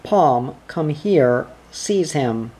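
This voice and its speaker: Reader doing a fat bully guy in a storybook, blustery and scolding, slow talker. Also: medium pitch, lively intonation, dark tone, breathy edge, heavily acted. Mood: angry. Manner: scolding, bellowing, later stammering.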